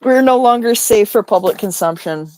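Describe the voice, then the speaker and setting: A woman from Canada co-hosting a casual livestream chat, playful and quick to joke. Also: medium pitch, animated, darkish tone, slight background noise. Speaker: co-host.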